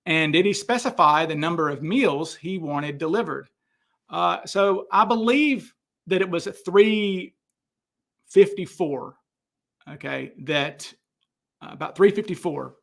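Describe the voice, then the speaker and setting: A middle-aged man with a gravelly voice pitched a bit high hosts a casual question-and-answer stream. He tells stories in an animated way, stopping and restarting often with plenty of fillers. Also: takes it slowly, long pauses. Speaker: host answering viewer questions. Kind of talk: casual livestream Q&A.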